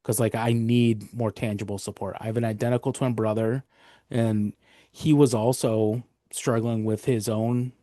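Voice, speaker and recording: A man's voice: lowish voice, level tone, moderate pace, mellow, no echo. Young guy podcaster, reflective and a bit hesitant, dry close mic. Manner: thoughtful, hesitant, with fillers and restarts. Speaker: podcast co-host. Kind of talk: casual reflective chat.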